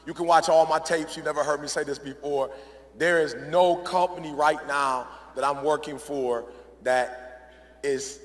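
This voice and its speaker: A man's voice: on the high side, a bit bright. A man giving a motivational speech to a live audience in an event hall, emphatic and repetitive, often checking in with the crowd. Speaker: motivational speaker. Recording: echoey large hall.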